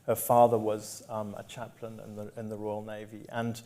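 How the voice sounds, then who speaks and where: A middle-aged man from Zimbabwe, an author talking onstage who stumbles and restarts a lot in conversation, then reads from his memoir in a measured way. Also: fairly low pitch, monotone, mellow. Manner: hesitant with many restarts when talking, measured when reading aloud. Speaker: author and guest. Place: onstage at a public talk.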